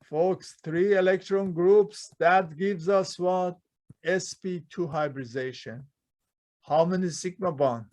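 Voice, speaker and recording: A man lectures a chemistry class in a slightly higher-than-average voice. He keeps tossing questions at the room and answering them himself, dropping plurals and articles as he goes. The delivery is conversational classroom teaching. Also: slow, a little mellow. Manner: quizzes students with frequent rhetorical questions; non-native grammar, dropped plurals and articles. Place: lecture hall.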